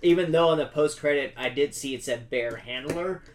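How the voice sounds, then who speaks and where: A man's voice: on the high side, moderate pace. A man with a Southern American accent co-hosting a casual movie review podcast, laid-back and chuckling as he retells scenes. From Georgia, USA. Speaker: podcast co-host. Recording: distant mic with faint background noise.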